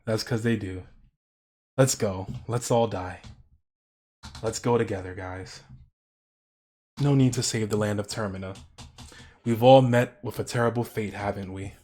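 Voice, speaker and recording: A man streaming as he paints, in a quiet, gentle painting-show parody with deadpan dark jokes. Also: lowish voice, measured pace, pauses often. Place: home streaming setup.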